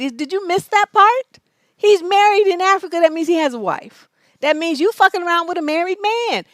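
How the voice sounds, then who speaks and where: A woman relationship coach on a live-stream advice show, reading viewer letters aloud and answering them bluntly, with profanity and scolding. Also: dry recording. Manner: mocks letters in an exaggerated high voice.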